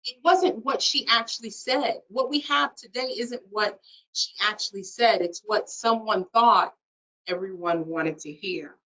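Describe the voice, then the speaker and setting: Woman presenter, bright high voice, set back from the mic, history lecture. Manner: quick, explanatory lecture. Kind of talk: online library history talk. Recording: distant from the mic.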